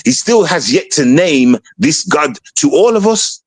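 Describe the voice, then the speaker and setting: A man chats on a live stream in a taunting, profane way. His pitch swings widely as he talks. The sound is dry and close, with no room behind him. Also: a little slow, breathy edge, no room sound. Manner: taunting, lively, swears a lot. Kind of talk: casual stream chat.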